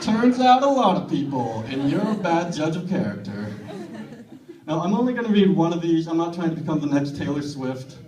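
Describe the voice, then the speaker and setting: A man performing a stand-up comedy set with a deadpan, self-deprecating delivery, in a comedy club with a laughing audience. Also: on the high side, a little fast, recorded from a distance, a crowd in the background. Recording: roomy club, mic heard from afar, audience laughing.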